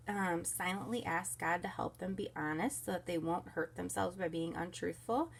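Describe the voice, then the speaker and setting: In a training recording for volunteers, a children's ministry leader walks small group leaders through the week's kindergarten lesson in a bright, teaching tone, stopping to softly soothe a baby crying behind her. Her voice is mid-range and creaky.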